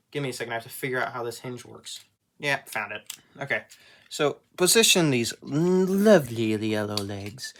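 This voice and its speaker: A man's voice: mid-range voice, a bit bright. Man, casual toy review, rambling, self-mocking jokes, small collector channel. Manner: rambling, joking, self-deprecating.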